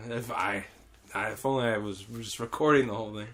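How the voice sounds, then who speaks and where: A man's voice: lowish voice, brisk, very noisy. A man telling a classroom story in casual chat, laughing, swearing and shrieking as he quotes a child. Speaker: English teacher in Japan.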